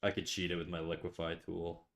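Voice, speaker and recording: A man's voice: sits low, flat delivery, a little fast, gravelly, a bit bright. Swearing Canadian man, casual stream chat. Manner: loose, joking, swears often. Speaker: live-streaming artist. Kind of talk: casual chat while drawing.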